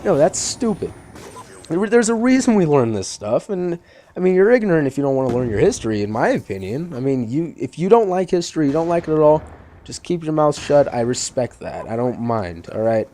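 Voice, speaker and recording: Rambling teenage guy with a mellow voice. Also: fairly high pitch, big pitch swings, a little fast. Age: teens. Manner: rambling, many fillers and restarts, irritated. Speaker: channel host. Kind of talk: gameplay commentary.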